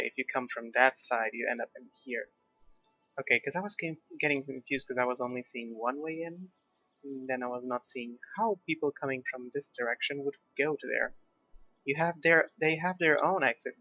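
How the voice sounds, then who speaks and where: Young guy, non-native english, accent flips between british and american, bright voice, kinda muffled mic with faint music under it. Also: medium pitch, no echo. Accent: mixed British and American. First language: not English. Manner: chatty, self-deprecating, thinking aloud. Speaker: gaming YouTuber. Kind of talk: casual gameplay commentary. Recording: slightly dull lo-fi mic, faint background music.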